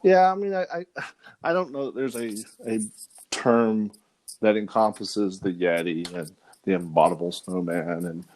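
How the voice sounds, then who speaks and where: Lively, rambling male podcast co-host. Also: fairly low pitch, normal speed, vocal fry, slight background noise. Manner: rambling with frequent restarts. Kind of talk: casual chat.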